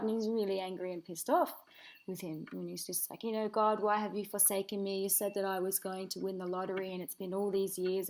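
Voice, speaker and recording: A woman's voice: lowish voice, creaky, darkish tone, poor audio. A woman answering a viewer's question about spiritual growth in a rambling, earnest way, with many fillers. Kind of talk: casual unscripted talk to camera.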